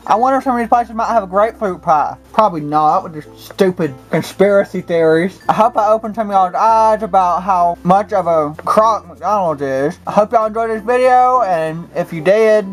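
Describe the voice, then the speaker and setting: A woman's voice: lowish voice, low-quality recording. A woman doing an in-character comedy vlog, with an indignant, rambling, melodramatic manner. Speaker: comedy vlogger.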